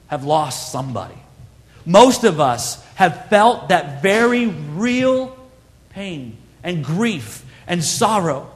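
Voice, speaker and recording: A man's voice: sits high, in a large hall. A man preaching a sermon as pastor, earnest and conversational, pressing his points with emphatic repetition.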